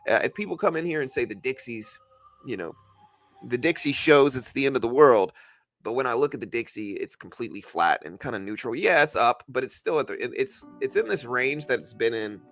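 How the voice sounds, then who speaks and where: This livestream host's medium-pitched voice is expressive, brisk and a bit bright, with faint music behind him. Giving casual market commentary in reply to chat, he argues his case while repeating himself, stumbling and starting over.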